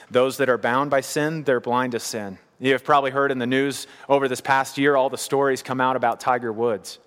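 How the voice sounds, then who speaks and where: Earnest preacher in a reverberant hall. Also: male voice, medium pitch, a bit bright. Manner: earnest, pleading, repeats phrases for emphasis. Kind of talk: sermon.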